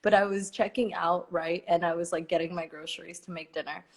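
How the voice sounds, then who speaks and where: A woman from Napa, California, talks through a story as a guest artist in a relaxed conversation. Her voice sits a little low, and she keeps circling back with fillers and quick restarts. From Napa, California, USA. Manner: animated, laughs often, lots of fillers and restarts.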